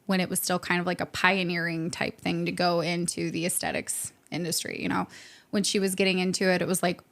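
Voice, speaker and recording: A woman's voice: on the low side, flat delivery, fairly quick, fairly bright tone. A young adult woman from the St. Louis area, chatting upbeat in a podcast interview as a guest, with frequent laughs and fillers. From St. Louis area, USA. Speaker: guest, med spa co-owner.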